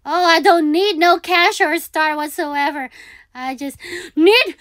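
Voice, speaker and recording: A high-voiced woman talks her way through a game at an unhurried pace. She repeats her words and pleads with the game as she plays. Her voice sits dry and close to the mic. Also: fairly bright tone, dry recording. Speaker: gaming video creator. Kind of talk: live gameplay commentary.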